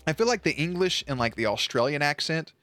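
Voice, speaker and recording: A man streaming at night, chatting casually with his viewers, swearing, joking and now and then breaking into loud high yelps. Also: expressive, brisk, faint music behind. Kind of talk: casual chat reading out viewer messages.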